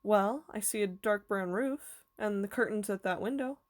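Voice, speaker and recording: A woman's voice: mid-range voice, normal speed, natural voice. A woman reading aloud voices a hesitant, unsure young boy.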